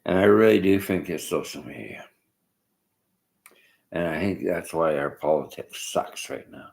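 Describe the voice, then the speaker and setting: A man's voice: sits low, measured pace, gravelly, darkish tone, poor audio. A man rambling through a combative, blunt political rant aimed at his viewers. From Canada.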